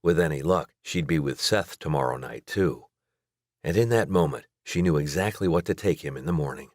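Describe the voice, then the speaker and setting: A man reading a romance novel aloud as audiobook narrator in a steady, measured way. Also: a bass voice, no echo, clean studio sound. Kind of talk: scripted narration.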